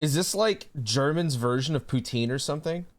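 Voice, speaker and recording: A man's voice: a little high, expressive, normal speed. Chatty young man streaming. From United States. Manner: loose and chatty, swears freely, laughs often. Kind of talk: casual livestream chat, reading chat aloud.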